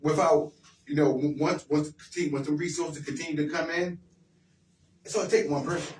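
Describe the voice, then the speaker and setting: A man's voice: fairly high pitch, fairly even intonation, normal speed. Brief: man, radio host, blunt and encouraging, streetwise talk, roomy sound a little off the mic. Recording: roomy sound from far off the mic with faint noise.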